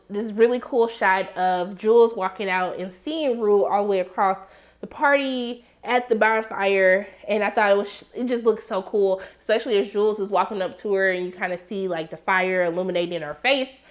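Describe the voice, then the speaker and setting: A woman chatting casually as she recaps a TV episode, talking in an animated, slangy way and acting out the scenes. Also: mid-range voice, moderate pace. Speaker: TV show reviewer.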